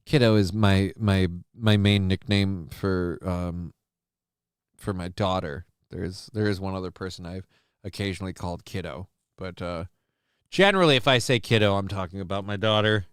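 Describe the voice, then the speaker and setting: A man's voice: deep voice, normal speed, clear, resonant tone, no room sound, studio quality. A man hosting a solo live show, rambling through crude, joking commentary and talk about his daughter. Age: adult with a young child.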